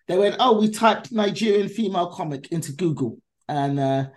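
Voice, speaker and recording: At a moderate pace and a fairly low pitch, a female comedian on a podcast spins an animated story. She swears freely and performs everyone's dialogue in distinct voices.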